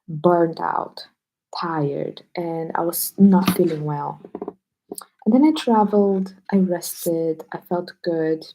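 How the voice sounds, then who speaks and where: A woman teacher on a live stream, speaking low and hushed at home so she won't wake people sleeping nearby. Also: poor audio.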